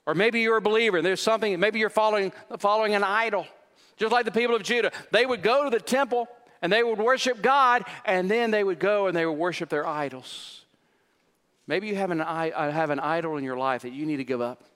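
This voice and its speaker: A man's voice: sits high, a little fast. Man preaching in a reverberant church. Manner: earnest, urgent preaching that drops to a hushed prayer. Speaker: pastor. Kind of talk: sermon with closing prayer. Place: church sanctuary.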